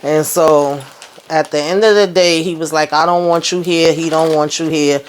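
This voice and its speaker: A woman with a deep voice recaps a TV episode at normal speed, with slight background noise present. She's animated and slangy, reenacting lines from the scenes and laughing frequently.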